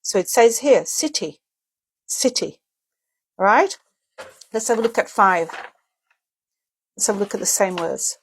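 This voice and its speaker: Her mid-range voice is slightly rough, with lively intonation, a somewhat slow pace and frequent pauses. She's an English teacher explaining a dictionary's pronunciation key in a casual video lesson. She goes step by step and sounds out example words, correcting her own small slips.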